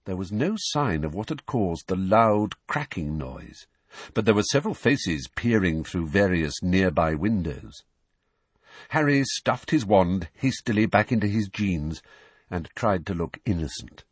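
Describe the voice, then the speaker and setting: A man narrating an audiobook in an expressive, dramatic storytelling manner, close to the microphone. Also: low voice, a little slow, husky, no room sound.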